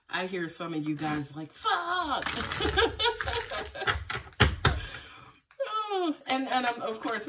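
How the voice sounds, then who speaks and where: Recorded from a distance with heavy noise, a woman with a lowish voice gives a live tarot reading. She talks straight to her viewers in a loose, foul-mouthed way, breaking into laughter often.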